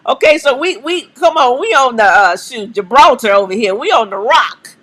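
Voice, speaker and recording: Bright-voiced woman preaching on a live stream. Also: on the high side, expressive, moderate pace. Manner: emphatic, repeats "okay?" and "come on", coaxing the audience; preacherly call-and-response cadence. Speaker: live-stream host answering viewer questions.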